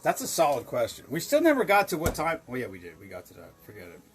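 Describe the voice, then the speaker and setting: A man's voice: a little high, huge pitch swings, quick pace. A tipsy man hosting a drinks show from his home bar, rambling and swearing through casual stories with frequent giggles. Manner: profane, rambling, giggly storyteller. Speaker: show host mixing drinks. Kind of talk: casual chat.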